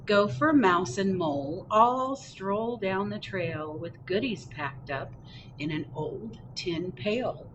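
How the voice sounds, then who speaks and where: Slow, expressive storytime librarian. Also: female voice, mid-range voice, lo-fi sound, noisy background. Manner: slow, expressive, chatty asides. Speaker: children's librarian. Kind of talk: picture book read-aloud. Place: public library.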